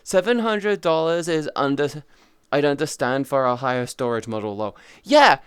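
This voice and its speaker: Smooth-voiced man, rambling stream chat. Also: medium pitch, moderate pace, no room sound, studio quality. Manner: rambling, profane, restarts often. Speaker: live streamer.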